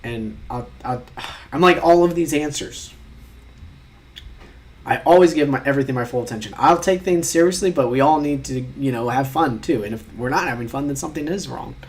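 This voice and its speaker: A man's voice: medium pitch, normal speed. A young man chatting casually while taking online quizzes, reading questions aloud and rambling in mock-outraged asides, sometimes muttering.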